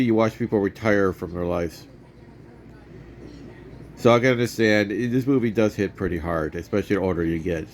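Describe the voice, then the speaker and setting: A man's voice: on the low side, a little hiss or hum. A man in his fifties casually retelling and reviewing a movie for his vlog, rambling with many restarts.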